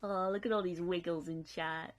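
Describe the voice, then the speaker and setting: A woman's voice: fairly low pitch, steady tone, moderate pace. Young woman, casual streamer chat, giggly, faint music underneath. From United Kingdom. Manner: chatty, giggly, reads chat aloud.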